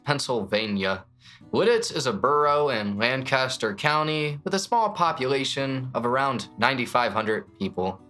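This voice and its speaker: A man's voice: medium pitch, fairly bright tone. A man hosting a true crime channel, narrating a scripted case in a casual, jokey storytelling manner.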